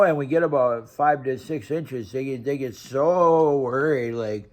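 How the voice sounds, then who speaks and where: A man's voice: a little high, lively intonation, moderate pace, few pauses, darkish tone. A young man from Wisconsin, ranting casually to camera with blunt, profane talk and lots of restarts. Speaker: vlogger.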